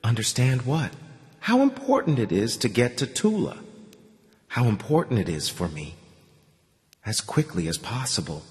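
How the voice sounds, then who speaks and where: A hardened, grim fighter who snaps short answers, as a man reads him aloud. The delivery is lively in pitch. A long hall reverb hangs on the recording. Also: moderate pace, long pauses, lightly acted. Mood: curt. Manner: curt, snapping. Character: grim hardened man with shaved head, curt.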